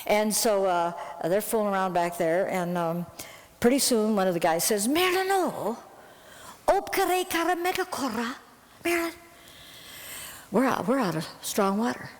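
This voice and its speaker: A woman missionary telling a lively story to an audience, her voice jumping up when she recounts her anger. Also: medium pitch, moderate pace, long reverb tail. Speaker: missionary Bible translator.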